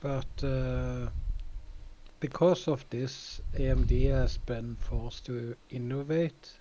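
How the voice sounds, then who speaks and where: A man's voice: mid-range voice, fairly even intonation, takes it slowly, dark tone, highs cut off. A man on a game stream explaining things in a plain, matter-of-fact way. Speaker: stream guest. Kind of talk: casual chat while gaming.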